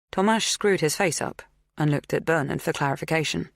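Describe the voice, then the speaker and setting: An audiobook narrator reads a thriller in an even, measured voice of middle pitch. The sound is dry and close, with no room echo.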